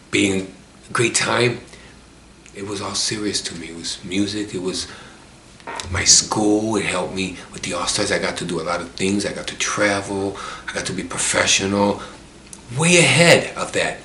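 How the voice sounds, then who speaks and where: A man's voice: low-pitched, bright, forceful tone, roomy sound, slight background noise. A man from Chicago telling his own life story in an earnest, emotional, repetitive way, close to tears. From Chicago, USA. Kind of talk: emotional personal monologue.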